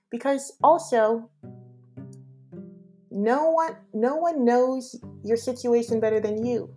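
A woman hosting her podcast in a candid, emphatic solo monologue that often acts out dialogue. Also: mid-range voice. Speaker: podcast host.

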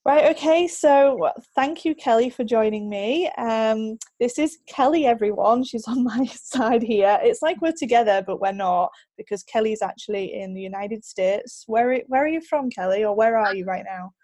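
A woman's voice: fairly high pitch, normal speed, few pauses, warm tone. A woman hosting a podcast, talking with a guest over a video call and laughing easily. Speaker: podcast host. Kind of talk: conversational interview.

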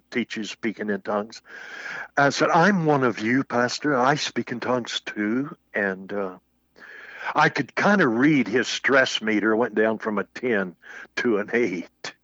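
A man's voice: fairly low pitch, no room sound. Older male minister telling a story. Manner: animated anecdote with acted-out quotes. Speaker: Baptist minister. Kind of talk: storytelling in casual conversation. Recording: muffled, dull audio.

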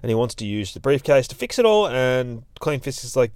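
A man's voice: medium pitch, big pitch swings, moderate pace, a little mellow, no room sound, studio quality. A man, hosting a show and recapping a comic in a rambling, heavily profane, casual way. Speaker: comic review host.

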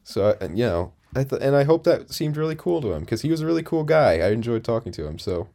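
A man's voice: medium pitch, sing-song, fast, gravelly, mellow. A man in his twenties telling a long story in a casual chat, rambling with lots of fillers and restarts. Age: 20s. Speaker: podcast co-host.

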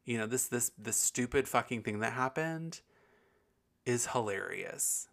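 A man's voice: mid-range voice, animated, measured pace, creaky, a bit bright. A man hosting a podcast in casual, rambling chat, candid and full of swearing. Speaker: podcast host.

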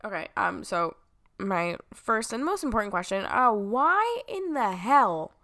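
A woman's voice: medium pitch, very animated, unhurried, bright, forceful tone, no room sound, clean studio sound. A woman co-hosting a podcast, chatting casually and joking around as she rambles. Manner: joking, rambling, puts on silly voices. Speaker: podcast co-host. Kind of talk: casual chat.

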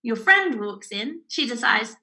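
A woman who works as a bra fitter, telling animated stories in a casual podcast chat. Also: fairly high pitch, a little slow, creaky, low-quality recording. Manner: animated storyteller who acts out customers' voices.

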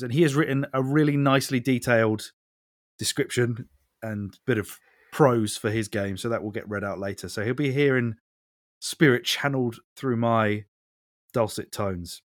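A man's voice: medium pitch, dry recording, studio quality. A man hosting a podcast in casual chat, with sweary, mock-grumpy banter. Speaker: podcast host.

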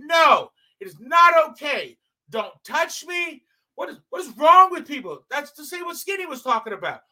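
A man with a very bright, sharp, cutting voice tells a story in casual talk. He swears heavily and often flares up into shouted, heated outbursts. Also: very high-pitched, sing-song, moderate pace. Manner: profane, heated, bursts into shouting.

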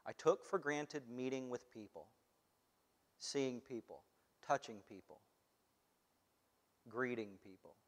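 A young man giving a conversational sermon in a church hall, moving between quiet asides and loud, emphatic bursts. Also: medium pitch, slow pace, pauses often. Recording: long hall reverb.

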